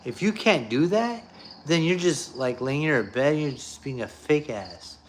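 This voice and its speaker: A man's voice: a little high, expressive, measured pace, a little hiss or hum. Blunt, profane man ranting. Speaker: YouTuber. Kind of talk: off-the-cuff monologue.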